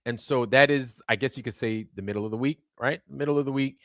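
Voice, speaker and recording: A man's voice: mid-range voice, fast, a bit bright, no echo, studio quality. A man hosting a casual livestream, rambling and repeating words while checking in with viewers. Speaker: livestream host.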